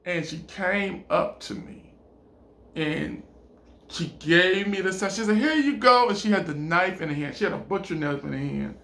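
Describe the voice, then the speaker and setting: A man casually telling a story, animated and stammering over repeated words. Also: on the high side, normal speed, creaky. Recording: roomy echo.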